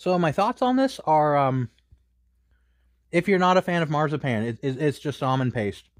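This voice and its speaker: A man's voice: fairly high pitch, animated, moderate pace, no echo, studio quality. A man casually reviewing a snack, rambling with many fillers and a little out of breath. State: a bit out of breath.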